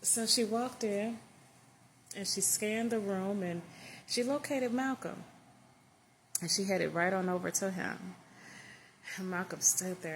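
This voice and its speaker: A woman's voice: medium pitch, gravelly, slight background noise. A woman telling her own written story in a casual, chatty way, with loose asides.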